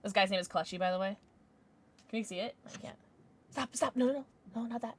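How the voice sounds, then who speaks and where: A woman streamer chatting casually while playing chess, excitable and giggly, with squeals and hushed mutters. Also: on the high side, brisk, slight background noise.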